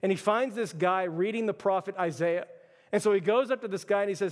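A man's voice: high voice, fairly quick. A young adult man preaching a sermon as pastor, telling stories casually with lots of "like" and filler. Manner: casual storytelling with frequent "like". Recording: long reverb of a hall.

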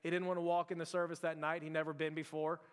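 This man's voice runs on the high side, level and quick, with a clear, resonant tone echoing in a large hall. He's a pastor in his church sanctuary, preaching in a chatty, casual style that leans heavily on "like" and restarts.

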